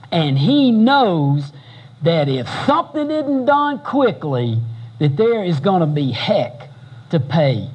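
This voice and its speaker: A man preaching a sermon as pastor, telling the story in a folksy, animated way and bantering with the congregation. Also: high voice, husky, dull audio.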